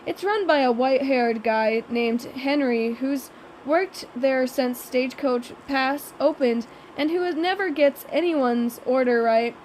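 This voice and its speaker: A woman's voice: high-pitched, takes it slowly, a little mellow, slight background noise, rough recording. A woman narrating an audiobook in the first person, with a wry, sarcastic young voice.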